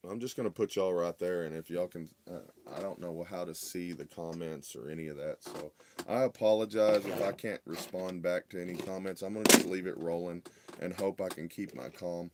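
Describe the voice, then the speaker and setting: A man's voice: low-pitched, fairly even intonation, brisk, noisy background. A man with a drawl hosting a casual livestream from his workshop, muttering and exasperated as he talks into a phone. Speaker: RC hobby livestream host.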